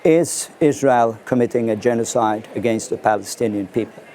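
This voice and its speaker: Guy hosting a formal studio interview, measured, lots of uhs, slight background hum. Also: mid-range voice, dark tone. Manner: measured, formal, with halting fillers. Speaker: interview host.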